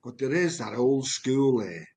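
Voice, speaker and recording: Earnest man telling stories. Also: mid-range voice. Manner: earnest, animated storyteller with quick repeats. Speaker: project manager and guest. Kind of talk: storytelling in conversation.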